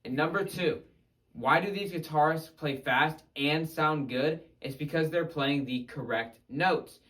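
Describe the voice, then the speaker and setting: A man teaching guitar, talking through techniques in an energetic, conversational way. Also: a little high, unhurried, rough recording. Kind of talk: instructional video narration.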